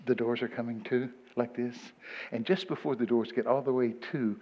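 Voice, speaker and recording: Animated preacher man, lively pitch. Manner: animated, jumps to high shouting voices for quoted people. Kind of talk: storytelling sermon.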